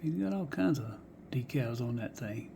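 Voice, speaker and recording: An animated, creaky mid-range voice at a moderate pace belongs to a man showing off die-cast cars amid background noise. The vlog is casual show-and-tell, with folksy musing and frequent whispering.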